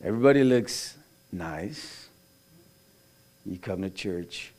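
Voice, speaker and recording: A man's voice: low voice, lively intonation, slow pace, darkish tone. A male pastor preaching a sermon in a blunt, folksy way, full of slang and asides. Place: church.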